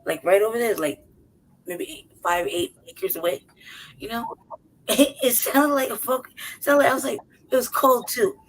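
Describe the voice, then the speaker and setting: On a podcast, a city-raised woman co-host tells a story in casual, profane chat, laughing often and acting out other people's voices with animation. Her voice is fairly high and her pace moderate. The recording is low quality, with a little hiss or hum.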